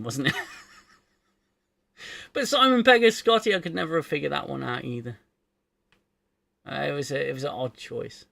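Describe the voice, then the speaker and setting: Hesitant man, gravelly voice. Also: mid-range voice, pushed and bright. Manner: hesitant, self-deprecating, frequent restarts. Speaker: livestream host. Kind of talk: casual livestream chat.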